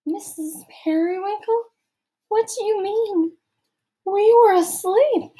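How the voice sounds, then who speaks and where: A woman doing a sassy teen girl, high and innocent. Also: slow pace, dark tone.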